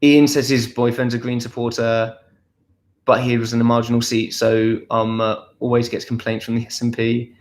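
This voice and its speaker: Young male streamer, playful and self-mocking, mid-pitched, reading chat from home. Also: little pitch movement, normal speed. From Essex, England. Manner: chatty, playful and self-deprecating. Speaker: livestream host. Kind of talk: casual livestream chat reading viewer comments. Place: at home, indoors.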